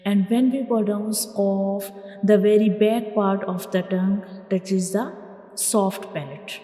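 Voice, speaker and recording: Female tutor, very slow and mellow delivery, patient, echoey room with long tail and faint music underneath. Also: medium pitch, steady tone. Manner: patient, repeats each letter sound loudly for learners. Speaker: Quran reading teacher. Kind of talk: slow step-by-step letter lesson.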